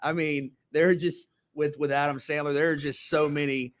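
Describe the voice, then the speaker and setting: A man co-hosting a casual sports talk show, explaining his view in a measured way. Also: on the high side, little pitch movement.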